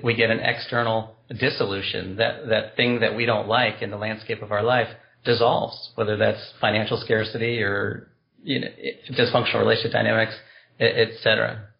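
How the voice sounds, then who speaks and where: A man's voice: fairly low pitch, level tone, normal speed, creaky, dull audio. A man being interviewed on a podcast, explaining a compassion practice in an earnest, explanatory way with spiritual wording. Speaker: guest, compassion practice teacher.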